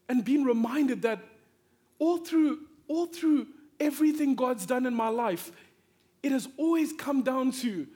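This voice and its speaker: Telling a personal story as a sermon, this African preacher has an extremely high-pitched voice. His animated delivery moves from hushes to bursts of excited shouting.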